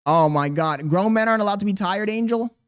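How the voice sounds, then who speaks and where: A man's voice: high-pitched, fairly quick, clear, resonant tone. A young man livestreaming, talking casually and defensively to his chat, rambling and firing questions back at them.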